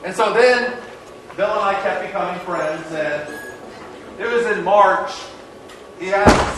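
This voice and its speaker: A man's voice: sits high, slow, pauses often, noisy background. Echoey distant man telling a story. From American South. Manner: animated storyteller acting out dialogue. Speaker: motivational speaker. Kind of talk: storytelling keynote talk. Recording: echoey hall, distant mic.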